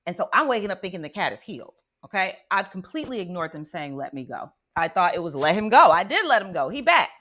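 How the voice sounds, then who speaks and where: Animated woman telling a dramatic story. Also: lowish voice, fast, hardly any pauses. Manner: animated, dramatic, often checks in with listeners. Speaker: spiritual radio show host. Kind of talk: personal storytelling monologue.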